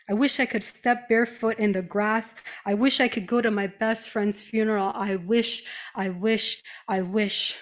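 A woman performing a spoken-word piece at a live reading, reciting plaintive, repeated complaints in a patient's voice. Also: medium pitch. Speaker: reader at a live reading event.

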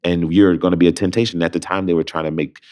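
A man's voice: deep voice, fast. A man in his thirties, an interview guest, telling a story casually and acting out the voices in it. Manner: animated, acts out voices in anecdotes.

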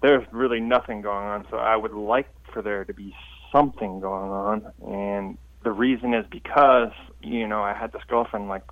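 A man's voice: lowish voice, no echo. A man calling in to a radio advice show, speaking in an earnest, candid way. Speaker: caller. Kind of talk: phone-in conversation. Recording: tinny phone line.

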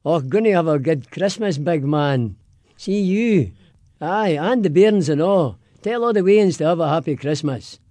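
A man's voice: a little high, expressive, unhurried, dark tone, no room sound. A man putting on a hearty Glaswegian voice to give a holiday greeting. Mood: jovial.

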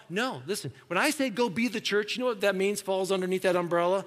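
Speaking quickly in a high, fairly bright voice, a pastor gives a sermon in a church sanctuary with an echoey sound. He chats with the congregation in a conversational manner and dramatizes the voices he quotes.

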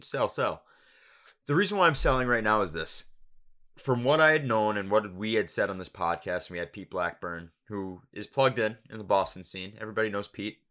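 Deep, bright-voiced wry podcast co-host. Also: male voice. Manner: wry, quick jokey asides. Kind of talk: casual sports podcast chat.

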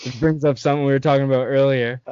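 A man's voice: medium pitch, dark tone, smooth, no echo. Young man, casual storyteller, laughs a lot, dull dry lo-fi recording. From Canada. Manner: laughing storyteller, lots of swearing. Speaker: host. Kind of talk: casual chat with friends.

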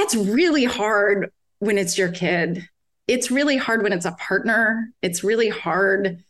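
A woman in her forties, a guest on a podcast interview, talking candidly about raising her kids, often laughing and quoting what she tells them. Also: on the low side. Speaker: guest, parent of several children.

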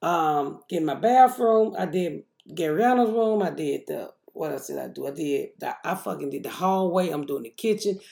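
A middle-aged woman hosts her own show and tells a story in a casual monologue. She is profane and animated, and her voice jumps up into loud outbursts whenever she quotes what she said. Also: deep voice, normal speed, gravelly, hardly any pauses, roomy sound. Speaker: podcast host.

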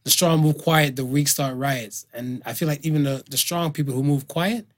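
A slangy podcast co-host who swears freely and laughs a lot in loose banter. His voice sits a little high for a man. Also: steady tone, moderate pace. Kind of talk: casual chat.

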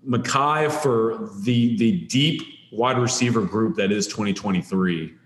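A man's voice: lowish voice, a little slow, roomy sound. A man co-hosting a sports podcast, talking up players emphatically, with frequent restarts. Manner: emphatic, enthusiastic, hedging restarts. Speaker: recruiting analyst co-host. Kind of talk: casual sports podcast chat.

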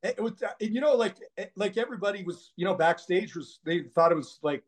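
Man, podcast guest, rambling, animated, casual storytelling, filler words, a bit high-pitched. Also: fairly quick.

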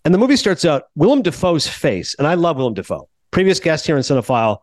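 A man hosting a podcast in casual chat, animated and talkative, jumping from thought to thought. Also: a little high, fast talker, dry recording. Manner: animated, chatty, jumps between thoughts. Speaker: podcast host.

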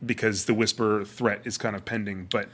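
A man's voice: fairly low pitch, fairly even intonation, a little fast, a bit bright. A man in casual chat, talking through his ideas and often repeating words while thinking.

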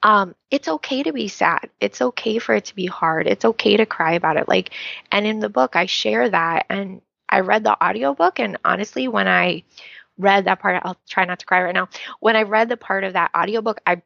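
A woman speaking as a guest on a podcast, earnest and heartfelt, with a gravelly fry in her voice. The sound is dry and a little dull, as if captured on a modest mic. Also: medium pitch, moderate pace, a bit bright, dry recording. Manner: earnest and heartfelt, with many fillers. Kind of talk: podcast interview conversation.

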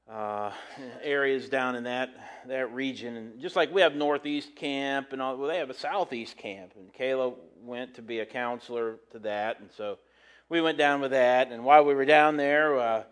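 A middle-aged man speaking from the pulpit in a loose, folksy sermon. His talk rambles and halts, full of fillers and restarts, and his pitch sits in an ordinary middle range. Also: moderate pace, fairly bright tone, smooth. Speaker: pastor. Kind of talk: casual sermon storytelling.

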